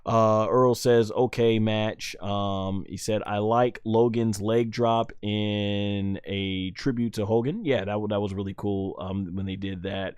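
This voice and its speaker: A man's voice: on the low side, steady tone, slow, hardly any pauses, a little mellow, clear, resonant tone, no echo, studio quality. A man hosting a casual live stream, rambling and flustered. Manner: rambling and flustered, many fillers and restarts. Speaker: live stream host reviewing wrestling.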